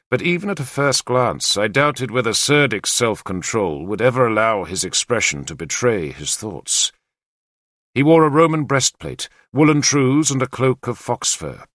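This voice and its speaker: A male audiobook narrator tells the story in the first person with a very animated, rising and falling delivery. His voice is bright and forceful, recorded dry and close with no room sound. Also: medium pitch, no room sound. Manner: expressive, lively storytelling.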